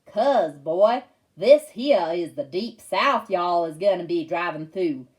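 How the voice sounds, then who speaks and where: A woman doing a loud drawling Southern man. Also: lowish voice, expressive, takes it slowly. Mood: mocking. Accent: American Southern, put on. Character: Southern drawling man mocking bigots, a father's joke.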